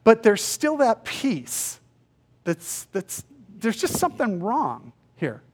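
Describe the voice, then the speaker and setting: High-voiced male pastor preaching casually. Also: wildly swooping pitch, slow, slightly rough. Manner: conversational, acts out biblical dialogue in voices. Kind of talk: sermon.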